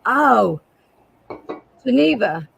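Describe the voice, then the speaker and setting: A woman with a raspy voice, a guest seller chatting casually on a live sale and describing jewelry pieces. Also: a little high, very animated, very slow, low-quality recording.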